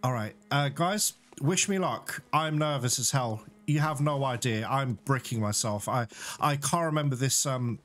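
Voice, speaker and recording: A young man giving casual gameplay commentary, chatty and jittery, with nervous laughs and mild swearing. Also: medium pitch. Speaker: let's play gamer.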